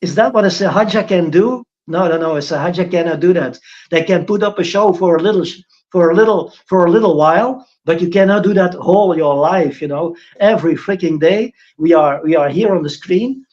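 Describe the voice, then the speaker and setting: A man's voice: fairly high pitch, fairly quick, a little mellow, highs cut off. Man giving a rambling spiritual talk. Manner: rambling, frequent restarts, mocking impressions of critics. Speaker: spiritual teacher. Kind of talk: informal spiritual talk on a livestream.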